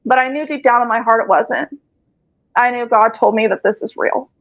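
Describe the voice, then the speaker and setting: A woman's voice: a little high, normal speed. Rambling, profane woman on a lo-fi call. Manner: rambling, profane, frequent filler words. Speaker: caller telling her story. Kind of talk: casual chat on a group call. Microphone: video call. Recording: lo-fi call audio.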